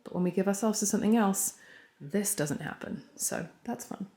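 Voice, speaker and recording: A woman in her thirties chatting casually to camera at home in a family vlog, reflective and talkative, with soft laughs. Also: medium pitch, lively intonation, normal speed. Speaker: family vlogger.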